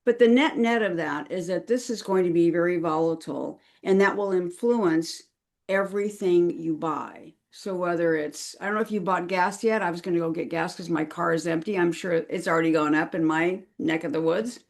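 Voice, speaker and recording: A woman guest on a podcast interview, explaining things in an earnest, chatty way. She talks in a relaxed conversational flow, full of fillers and small restarts. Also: lowish voice, normal speed, gravelly. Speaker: crisis management consultant, podcast guest.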